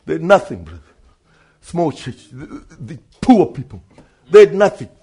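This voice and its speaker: Male preacher, high and husky; emphatic sermon, repeats lines, swings between low asides and shouts. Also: big pitch swings, a little slow. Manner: emphatic, repeats phrases, calls out to brother and sister.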